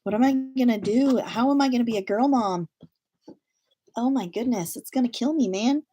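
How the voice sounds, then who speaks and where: A woman's voice: a little high, normal speed, dark tone, husky. A woman in her thirties hosting a casual livestream from home, chatty and self-deprecating, laughing often as she talks to viewers. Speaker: livestream host.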